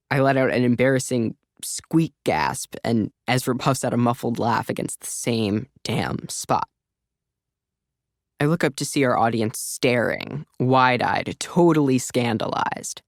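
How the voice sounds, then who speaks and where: A man's voice: medium pitch, no room sound, studio quality. A man narrating a first-person audiobook in a wry, conversational voice. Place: recording studio.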